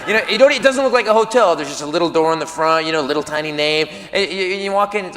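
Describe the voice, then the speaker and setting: Animated high-voiced man doing stand-up. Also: quick pace, hardly any pauses, in a large hall. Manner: animated, yelling punchlines. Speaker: stand-up comedian. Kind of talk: stand-up comedy storytelling.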